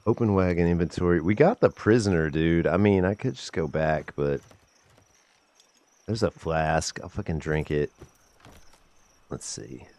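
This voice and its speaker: A man's voice: low-pitched, a little slow, long pauses, darkish tone. A young man streaming a game, muttering profane commentary to himself with bursts of exasperation and an occasional cough. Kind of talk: live gameplay commentary.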